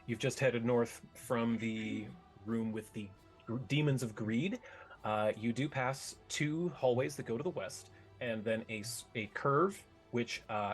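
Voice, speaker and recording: A man's voice: medium pitch, a little slow, faint music behind. A man running a tabletop game online as game master, talking casually and correcting himself as he goes. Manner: casual, self-correcting, swears when flustered.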